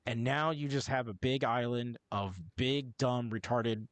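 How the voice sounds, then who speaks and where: A man's voice: mid-range voice, fairly even intonation, measured pace, few pauses, dry recording. Rambling, profane male podcast co-host. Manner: profane, rambling, self-interrupting. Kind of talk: casual movie review chat.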